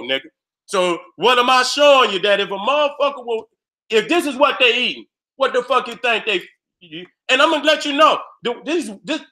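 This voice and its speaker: A video host with a very high, bright, sharp-edged voice launches into a loud, profane rant aimed directly at his viewers. Heated and streetwise, he uses slang and keeps slipping into short acted-out exchanges.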